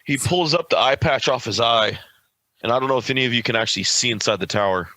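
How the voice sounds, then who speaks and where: A man from California narrating a tabletop game as game master, in quick, offhand narration. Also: medium pitch, pushed and bright, dry recording, poor audio.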